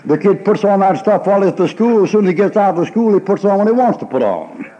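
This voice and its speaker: A man preaching a sermon in a voice on the higher side for a man. He is folksy and emphatic, hammering his points home and acting out the people in his stories with bursts of laughter. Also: sing-song, fast, warm tone, muffled recording. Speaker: pastor.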